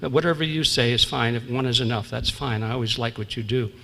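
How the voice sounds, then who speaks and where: A man's voice: medium pitch, a little fast, vocal fry, bright, forceful tone. A man doing a meek talking ostrich. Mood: agreeable. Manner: mild, deferential. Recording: long reverb in theatre hall.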